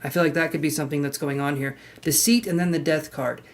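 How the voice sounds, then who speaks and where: Tarot reader on a live stream, chatty and easygoing, mid pitch, talks right to the viewer. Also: fairly even intonation, quick pace. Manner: chatty, talks straight to the viewer, with frank asides.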